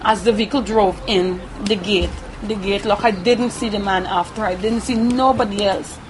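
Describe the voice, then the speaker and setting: A woman with a Guyanese Creole accent giving a halting first-person account, often repeating herself and tagging her sentences with "right?". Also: mid-range voice, fairly even intonation, noisy background. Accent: Guyanese Creole English. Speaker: interviewee.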